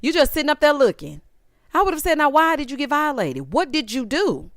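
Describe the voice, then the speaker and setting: A woman's voice: sits high, big pitch swings, a little fast, no room sound, studio quality. Sassy woman recapping reality TV. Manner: sassy, exasperated, quotes people in voices. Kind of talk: casual commentary recap.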